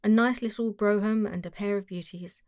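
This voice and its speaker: A woman reading the part of a self-assured male detective, brisk and dry. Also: medium pitch, steady tone, darkish tone, dry recording, close to an everyday voice. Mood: brisk, amused.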